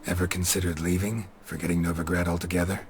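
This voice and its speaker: An actor playing a stoic, gruff monster hunter in a video game, speaking tersely. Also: male voice, low voice, level tone, fast, slight background noise, natural voice. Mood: level. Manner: terse and level.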